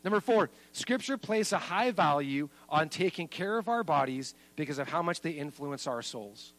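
A man preaching a sermon as pastor, making points with lively emphasis. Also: normal speed, rough recording. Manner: lively and emphatic, then soft and low at the close.

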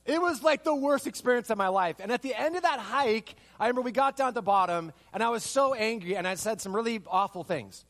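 A pastor delivers a sermon in a noticeably high-pitched male voice. He tells a personal story with lively, animated energy. He drives his point home with a string of repeated rhetorical questions. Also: fast talker, hardly any pauses.

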